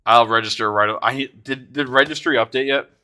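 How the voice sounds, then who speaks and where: Bright-voiced excitable male streamer. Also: mid-range voice, a little fast. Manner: excitable, swears and shouts in bursts; talks to chat viewers by name. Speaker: streamer opening card packs. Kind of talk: live stream commentary.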